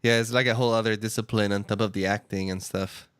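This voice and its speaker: A man's voice: fairly low pitch, steady tone, fast, a bit bright, clear, resonant tone, dry recording, studio quality. A man hosting an interview, asking short, friendly follow-up questions. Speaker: podcast host. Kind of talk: casual interview chat.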